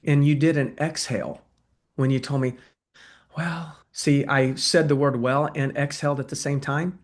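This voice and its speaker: A man's voice: medium pitch, fairly even intonation, normal speed. A man coaching real estate agents in a webinar, talking conversationally and acting out sales calls. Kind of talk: webinar presentation and Q&A.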